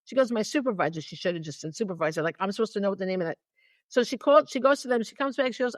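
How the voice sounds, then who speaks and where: A woman's voice: mid-range voice, expressive, very fast, no echo. A woman co-hosting a podcast in casual chat, telling a story with energy and acting out both sides of the phone calls as she goes. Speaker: podcast co-host.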